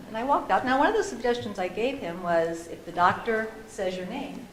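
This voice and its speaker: A woman panelist telling a lively story at a discussion panel, often laughing. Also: medium pitch, a little fast. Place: conference room with an audience. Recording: echoey room with faint noise.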